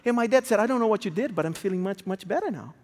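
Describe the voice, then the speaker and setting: A man preaching a sermon as a story, swinging between hushed, slow lines and raised, emotional ones. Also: high-pitched, expressive. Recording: long hall reverb.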